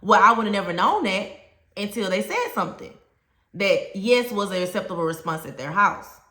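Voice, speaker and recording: A woman with a Southern US accent talks teachers through classroom respect in an emphatic, plain-spoken way. Her voice is bright and carries well. The room around her has a noticeable echo. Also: medium pitch, very animated, moderate pace. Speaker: teacher trainer. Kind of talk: teaching talk to camera.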